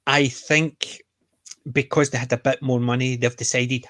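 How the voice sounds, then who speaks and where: A man with a Scottish accent, co-hosting a casual podcast chat and retelling scenes with lively energy. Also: medium pitch, a little slow, no room sound. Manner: chatty, animated retellings of scenes. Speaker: podcast co-host.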